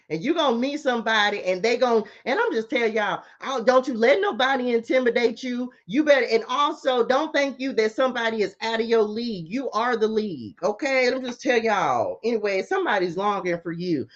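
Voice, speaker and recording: Middle-aged female tarot reader, sassy and chatty, slightly high voice, muffled lo-fi recording. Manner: sassy, chatty, talks to viewers and spirit. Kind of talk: casual tarot reading to viewers.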